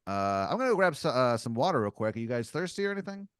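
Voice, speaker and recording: A man's voice: medium pitch, sing-song, fast talker, clean tone, no echo, studio quality, lightly acted. A man voicing a flustered woman psychic who speaks hesitantly and halts on fillers.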